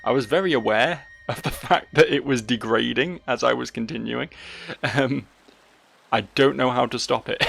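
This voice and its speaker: A man's voice: mid-range voice, moderate pace, creaky, a bit bright, slightly rough. A man giving casual, rambling, self-mocking commentary as host of a let's play video.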